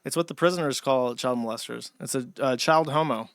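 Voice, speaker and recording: A man's voice: mid-range voice, a little fast, a bit bright, no room sound, clean studio sound. A man hosting a livestream, reading out viewer donations and going off on profane, rambling rants. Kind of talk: casual livestream chat.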